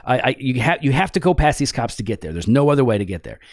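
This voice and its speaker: A middle-aged man, a pastor, tells a story in a casual chat, animated and quick to get worked up. He talks at a rapid clip, and the recording is close and dry. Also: medium pitch, no room sound. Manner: animated, rising to exasperated outbursts. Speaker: pastor and podcast co-host.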